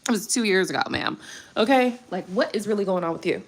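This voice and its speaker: A woman's voice: medium pitch, lively intonation, fast. A young woman, a tarot reader chatting casually and candidly on a live stream, swearing freely.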